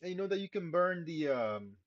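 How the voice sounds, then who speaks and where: A man's voice: fairly high pitch, very animated, fairly quick, no echo. Laid-back profane man streaming a game. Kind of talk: casual live gameplay commentary. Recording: dull lo-fi stream mic.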